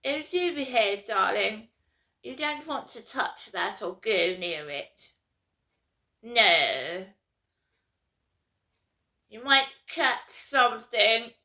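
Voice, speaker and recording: A woman's voice: a little high, expressive, extremely slow, pauses often, bright, forceful tone, heavily acted. A woman putting on the voice of a snooty, posh older woman who drawls and squeals in disgust. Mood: prim scolding.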